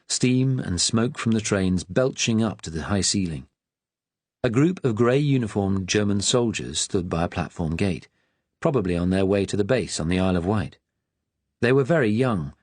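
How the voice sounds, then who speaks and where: A man reading an audiobook in a measured, even narrating manner. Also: deep voice, husky, no echo.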